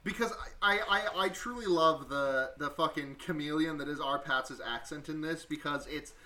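A man's voice: fairly high pitch, moderate pace, pushed and bright. A man co-hosting a casual podcast about a film, rambling and restarting his sentences, with plenty of swearing. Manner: rambling, restarts often, profane. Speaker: podcast co-host.

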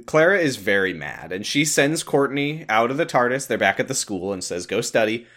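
A man's voice: medium pitch, sing-song, moderate pace, fairly bright tone. A man co-hosting a casual podcast, recapping a TV episode with wry jokes and frequent laughs. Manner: wry, laughs often, paraphrases characters in quotes. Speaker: podcast co-host.

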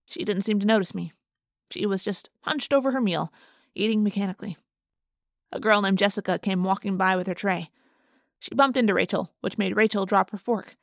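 A woman narrating a first-person audiobook in a brisk, expressive way. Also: medium pitch, creaky, dry recording, clean studio sound.

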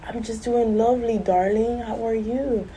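A woman's voice: fairly high pitch, fairly even intonation, moderate pace, mellow, a little hiss or hum, pitched above the performer's own voice, lightly acted, poor audio. A woman voicing an overly sweet, fawning man who gushes in a sing-song way. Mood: gushing.

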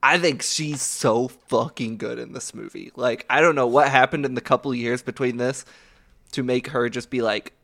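A man from the American South talks films on a podcast. His voice is gravelly and sits at a middling pitch, and he is loose and animated with plenty of fillers. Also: normal speed. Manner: loose and animated, swears casually, many fillers. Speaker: podcast co-host. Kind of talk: casual film podcast chat.

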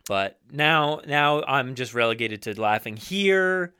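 A man's voice: medium pitch, expressive, slow pace, sharp tone, clear, resonant tone, no echo, clean studio sound. A man co-hosting a podcast in casual, joking chat, swearing freely and breaking into silly voices. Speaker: podcast co-host.

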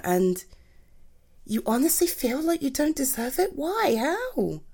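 Gushing, reassuring woman in audio roleplay. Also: fairly high pitch. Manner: warm, gushing and reassuring to an unseen partner; slow, lively, swooping speech. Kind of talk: romantic comfort audio roleplay.

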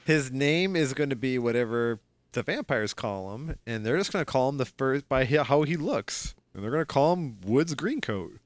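A man with a mid-pitched voice that rises and falls with a lot of life, talking playfully in casual chat. He rambles and restarts his thoughts. The sound is dry and close. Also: lively intonation, no echo. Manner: playful, keen on quick impressions, rambling restarts. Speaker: podcast co-host.

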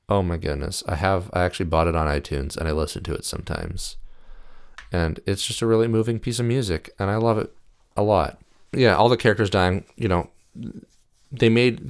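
A young man with a deep, low-pitched voice gives a loose, rambling monologue. His tone is smooth and clear, and his delivery is enthusiastic, with frequent "uh"s and restarts. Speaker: video host. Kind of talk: casual monologue reviewing films.

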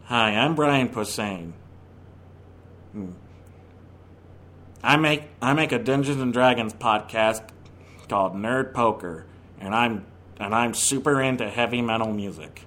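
A man doing a nasal, deep-voiced nerdy guy. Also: a little hiss or hum, close to an everyday voice. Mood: deadpan. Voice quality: deep bass voice pushed through the nose. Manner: slow, nasal, deadpan. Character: impression of a deep-voiced nerdy male comedian.

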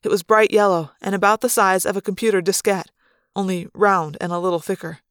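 A woman narrating a fan-made audiobook in the first person with steady, clear storytelling. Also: medium pitch, a little fast, no room sound, studio quality.

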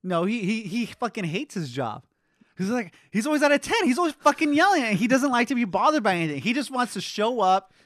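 A man in casual chat, profane and animated, ranting loudly and swearing often. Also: very high voice, fairly quick, no room sound, clean studio sound.

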